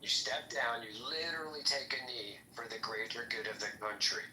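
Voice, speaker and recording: A man's voice: mid-range voice, normal speed, sharp tone. A man hosting a casual political podcast, talking bluntly with profanity and jokes. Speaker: podcast host. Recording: echoey room with faint noise.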